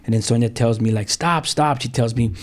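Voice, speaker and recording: A man's voice: mid-range voice, fairly quick. Middle-aged pastor telling his story. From South Central Los Angeles. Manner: storytelling, acts out quoted dialogue, frequent "you know". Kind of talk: personal testimony in a podcast interview.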